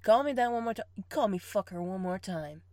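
A woman's voice: mid-range voice, expressive, a little fast, a little mellow, no echo, natural voice. A young woman in an audio role-play, playing a bossy partner who teases, scolds and laughs often. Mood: scolding, laughing.

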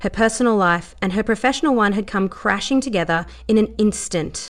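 A woman reading a story aloud in a steady, measured audiobook style. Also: mid-range voice. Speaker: narrator. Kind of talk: audiobook narration.

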